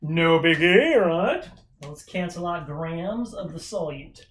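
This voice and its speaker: A man with a slightly high, fairly bright, expressive voice talks slowly through an informal recorded chemistry lesson. He keeps it upbeat and chatty, frequently asking rhetorical questions to check in.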